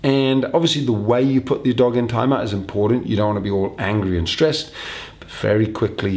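A man's voice: on the low side, vocal fry. A man who trains dogs, giving chatty, upbeat advice straight to the camera and repeating his main points. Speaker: dog trainer. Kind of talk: direct-to-camera advice video.

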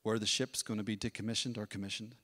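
A man giving a testimony at a church service, telling his story in a lively way and acting out other people's voices. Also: fairly low pitch, quick pace, in a large hall. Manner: storytelling, animated, acts out voices. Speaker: worship leader. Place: church hall.

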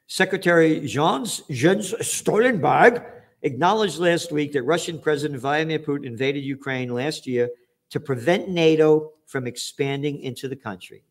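A man hosting a show, reading news headlines aloud and answering them with profane, sarcastic rants. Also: fairly high pitch. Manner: profane, sarcastic, shouting mockery; reads headlines then mocks them. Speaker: trends forecaster and show host. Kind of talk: ranting commentary on news headlines.

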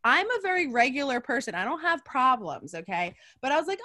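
Bright-voiced woman telling a story animatedly. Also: high-pitched, brisk, no echo, clean studio sound. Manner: animated, acts out quoted dialogue. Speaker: guest. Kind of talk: storytelling on a video call.

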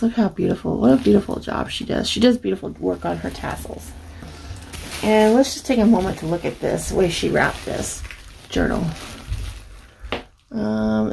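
A woman's voice: medium pitch, vocal fry, dark tone, slight background noise, poor audio. A woman hosting a crafting channel, casually showing a handmade journal and gushing over it with many fillers. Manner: gushing, admiring, full of fillers. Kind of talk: casual unboxing look-through.

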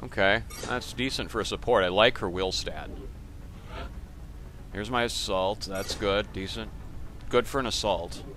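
A man's voice: lowish voice, unhurried, pauses often, a bit bright, slight background noise. A man narrating a let's play, casually and sardonically, cursing and grumbling at the game's characters. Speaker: gaming commentator.

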